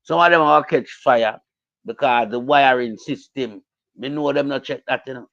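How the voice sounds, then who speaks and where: A man's voice: mid-range voice, normal speed, vocal fry, fairly bright tone, dull audio. A man with a Jamaican accent giving a heated, repetitive political rant in casual talk, mixing Patois with English. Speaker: political commentator.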